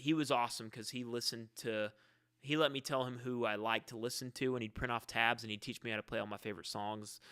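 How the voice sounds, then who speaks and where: A musician answering fan questions in a casual live-stream Q&A, rambling and halting as he often restarts his sentences. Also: mid-range voice, sharp tone, clear, resonant tone, no echo, clean studio sound.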